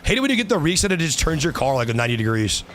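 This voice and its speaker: Excitable young man trash-talking over gameplay. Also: fairly high pitch, racing, faint music behind. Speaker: streamer. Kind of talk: live gameplay commentary.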